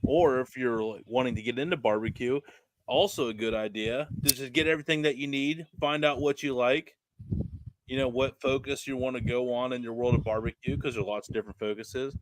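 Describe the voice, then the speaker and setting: A man's voice: medium pitch, steady tone, a little fast, no room sound, low-quality recording. A man hosting a podcast in a casual, rambling, self-mocking chat. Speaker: podcast host.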